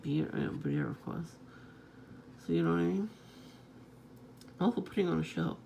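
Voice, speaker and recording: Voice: medium pitch, normal speed, creaky, dark tone, a little hiss or hum. A vlogger talking in a casual, rambling monologue, swearing freely and chuckling often.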